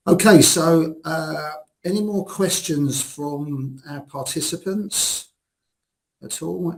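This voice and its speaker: A man's voice: mid-range voice, darkish tone, poor audio. A man moderating a business webinar over a video call, talking with many restarts and fillers.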